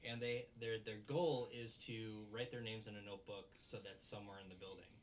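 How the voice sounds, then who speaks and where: Guy recapping anime w a buddy, does squeaky character voices, sounds a bit far off the mic w faint hiss. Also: fairly quick. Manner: animated, mimics characters in high voices while retelling. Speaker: podcast co-host. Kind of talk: casual anime recap chat.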